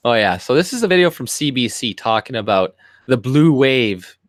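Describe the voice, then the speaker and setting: A Canadian commentary vlogger scrolls through posts on a screen share, ranting in a rambling, profane, scornful way. His mid-range voice is sing-song at normal speed, with no room sound.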